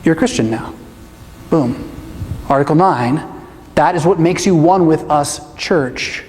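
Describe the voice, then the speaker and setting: A middle-aged pastor giving an animated, emphatic talk to a church audience, often tossing in rhetorical questions. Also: male voice, on the high side, a little slow. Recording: long reverb of a large hall.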